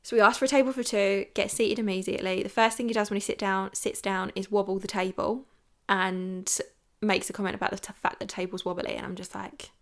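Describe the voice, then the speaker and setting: A woman's voice: mid-range voice, steady tone, brisk. A young woman hosting a podcast, telling a dating story in a frank, chatty way with lots of "like". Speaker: podcast host. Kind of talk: storytelling chat.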